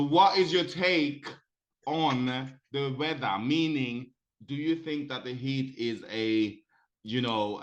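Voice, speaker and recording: A man's voice: medium pitch, highs cut off. A man hosting a casual talk show, chatting in a playful, teasing way. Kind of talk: casual chat.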